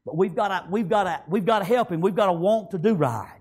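A man preaching a sermon, fervently repeating praise and amen and rising to shouts. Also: high voice, quick pace, husky.

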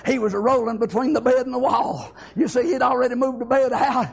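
A male preacher, telling stories in a fervent sermon that builds to impassioned shouting. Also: extremely high pitch, steady tone, brisk, creaky, breathy edge.

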